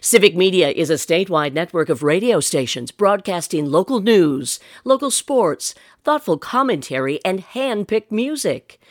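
Low-voiced woman announcer reading a promo. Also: animated, normal speed, hardly any pauses, no echo, clean studio sound. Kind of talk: scripted promo read.

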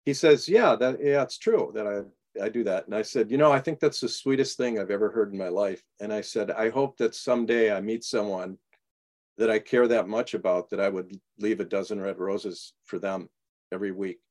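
A man being interviewed as an author, telling animated stories and acting out the dialogue. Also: fairly low pitch, brisk. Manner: animated anecdotes, acts out quoted dialogue. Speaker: guest author. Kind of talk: storytelling in a radio interview.

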